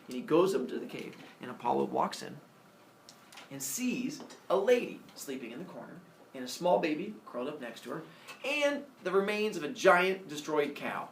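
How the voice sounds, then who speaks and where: A man casually retelling a myth as a comedy story, animated, with jokey asides and lots of fillers. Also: a little high, normal speed, gravelly, slight background noise. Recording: echoey room, mic far off.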